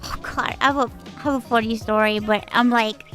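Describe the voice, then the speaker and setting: A woman streamer chatting casually into a close mic, her voice high and bright. She tells a story with lively energy and keeps slipping into the voices of the people in it. Faint music plays softly behind her. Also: fairly quick. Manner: animated storytelling, often slipping into voices of family members.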